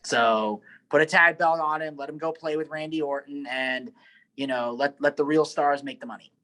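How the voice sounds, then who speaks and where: A man's voice: on the high side, normal speed, sharp tone, rough recording. A man co-hosting a casual wrestling chat, blunt and sarcastic, laughing often. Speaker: podcast co-host.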